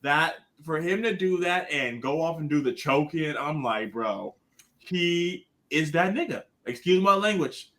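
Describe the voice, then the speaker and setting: Bright, high-voiced, animated man. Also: a little slow. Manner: animated storyteller, swears freely. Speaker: podcast panelist. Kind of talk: casual sports chat.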